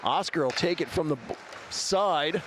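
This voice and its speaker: Male play-by-play caller, brisk clipped calls, higher voice, noisy background. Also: expressive. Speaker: play-by-play commentator. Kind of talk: live play-by-play commentary.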